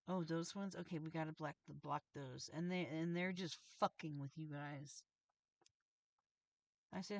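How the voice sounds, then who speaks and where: A woman's voice: deep voice, vocal fry, no echo. A woman reading tarot on a livestream, channeling messages in an agitated, profane, confrontational rant. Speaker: tarot reader and streamer.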